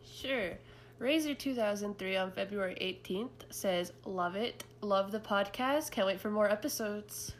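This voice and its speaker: Woman reading reviews, steady delivery, faint hiss underneath. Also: mid-range voice, unhurried. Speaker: review reader.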